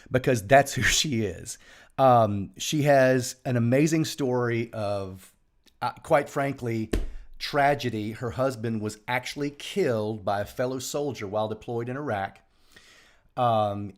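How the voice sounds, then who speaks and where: A middle-aged man, hosting a live home stream in a rambling, joking way. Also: mid-range voice. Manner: joking, rambling, quick swings between loud bursts and quiet asides. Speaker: host of a daily live show. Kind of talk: casual live-stream chat. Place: home room. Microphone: live stream over home internet.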